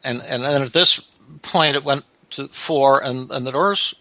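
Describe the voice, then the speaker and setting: A male psychiatrist hosting a podcast, telling a clinical anecdote in a halting way that often repeats words. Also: medium pitch, bright, forceful tone, dry recording, dull audio.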